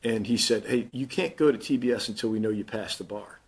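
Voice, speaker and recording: A Marine Corps general in his fifties, originally from Missouri, plainly tells his story in an interview and acts out the dialogue he quotes. His voice is lowish, brisk, and husky.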